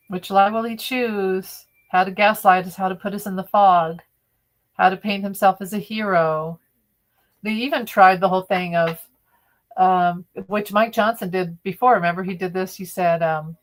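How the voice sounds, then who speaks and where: A woman with a lowish voice reads tarot cards on a live stream. She talks in a loose, opinionated, chatty way and often restarts mid-sentence. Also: steady tone, normal speed. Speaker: tarot reader.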